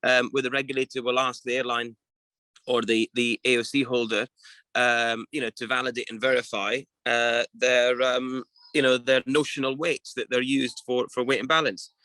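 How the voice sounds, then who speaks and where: A middle-aged man talks casually as a co-host, picking his way through thoughts with stops and restarts. His voice is bright and forward. The sound is dry and close, with no room around it. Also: medium pitch, flat delivery, moderate pace, dry recording, poor audio. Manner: hesitant, many restarts and fillers, thinking aloud. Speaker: co-host of a weekly aviation chat show. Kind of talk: casual chat.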